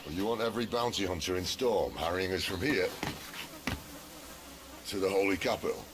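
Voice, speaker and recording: An actor playing a gruff, wry middle-aged outlaw leader in a video game, bantering dryly. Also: male voice, low-pitched, animated, normal speed, background noise. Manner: dry teasing banter. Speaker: game character.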